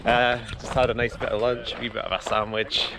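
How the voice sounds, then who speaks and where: A Scottish man in his thirties chatting casually as he walks a lochside trail, relaxed and a little out of breath from the climb. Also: mid-range voice, a little fast. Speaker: vlogger. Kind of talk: casual walking commentary. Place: outdoors on a lochside hill trail. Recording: outdoor phone recording with clear background noise. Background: wind and rural outdoor ambience.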